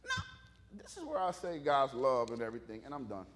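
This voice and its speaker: A man preaching a casual, humorous sermon, animated and conversational, joking with the congregation. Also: medium pitch, brisk.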